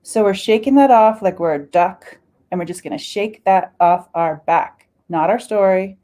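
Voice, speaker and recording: A woman leading a guided spiritual meditation, talking slowly and soothingly, with sighs and chanted syllables between her words. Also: medium pitch, mellow.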